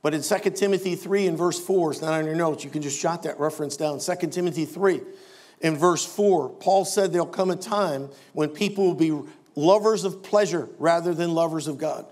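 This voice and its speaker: Older male pastor, high-pitched voice, emphatic sermon delivery with dry humor. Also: brisk, a little mellow. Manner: emphatic preaching with wry asides.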